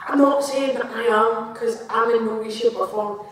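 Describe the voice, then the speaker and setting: A Scottish woman who wrestles, telling stories in a casual interview. She is animated, full of fillers, and acts out what other people said. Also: a little high, normal speed. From Scotland. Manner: animated, acts out quoted voices, many fillers. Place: large hall at a wrestling venue. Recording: echoey hall, mic far away.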